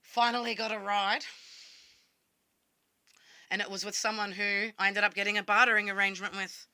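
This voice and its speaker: A woman's voice: mid-range voice, little pitch movement, normal speed, sharp tone, clean tone, no echo. An Australian woman telling a personal story to camera in a blunt, casual way, swearing freely and acting out what she said to herself. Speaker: vlogger.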